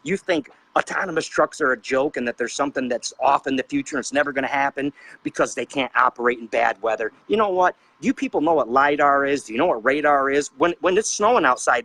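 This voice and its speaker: A middle-aged man delivering an impassioned rant on a panel show, his voice sitting slightly high. He preaches with fiery anger and hammers his listeners with rhetorical questions. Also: vocal fry, sharp tone, no echo, low-quality recording. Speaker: trucker advocate on a panel show.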